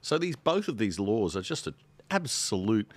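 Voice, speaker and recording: A man on a discussion panel, speaking earnestly and growing heated, going quiet on grave points. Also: fairly low pitch, very animated, normal speed. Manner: earnest, heated, drops soft on sad points. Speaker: panel guest, show host.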